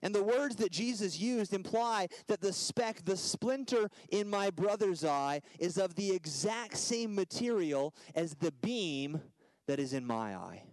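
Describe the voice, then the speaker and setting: A man in his thirties preaches with a slightly high voice, rising to loud emphasis and dropping to hushed asides. The sound is dry and close, with no room around it. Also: expressive, measured pace, no echo, poor audio. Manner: dynamic, swings from loud emphatic lines to soft hushed ones. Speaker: guest preacher. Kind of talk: sermon.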